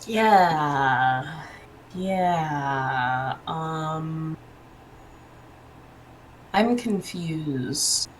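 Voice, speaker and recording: A woman playing a tabletop game online, answering in a hesitant, unhurried way. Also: low voice, animated, slight background noise. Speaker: player.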